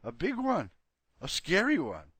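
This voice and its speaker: A man voicing an excitable, eager talking dog, pitched well above his own voice. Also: unhurried, husky, no echo, full character voice. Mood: excited. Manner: breathless, eager.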